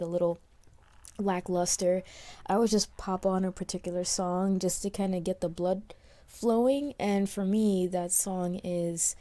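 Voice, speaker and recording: A woman's voice: medium pitch, dark tone. A woman from New York with a slight New York accent, giving casual, rambling let's play commentary recorded after playing. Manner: chatty, rambling, many restarts and fillers.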